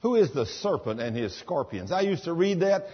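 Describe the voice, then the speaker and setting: A fairly high-voiced man preaching with emphatic, commanding force. His voice is a little husky. It rings through a church hall on a dull recording. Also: big pitch swings, moderate pace. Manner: emphatic, rises to commanding bursts. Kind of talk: sermon. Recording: dull sound with long hall reverb.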